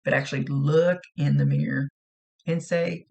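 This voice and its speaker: A woman's voice: deep voice, steady tone, moderate pace, creaky, darkish tone, highs cut off. A woman psychic medium giving a casual spirit reading in a chatty, self-deprecating way, often repeating herself.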